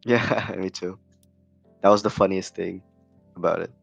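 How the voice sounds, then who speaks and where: Deep, gravelly man chatting slowly. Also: fairly even intonation, dry recording, faint music behind. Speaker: co-host on a trading stream. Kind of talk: casual chat.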